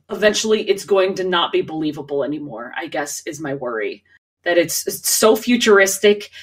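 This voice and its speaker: Chatty woman podcast co-host with a lowish voice. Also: far from the mic. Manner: chatty, laughs often, many fillers and restarts. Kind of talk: casual chat.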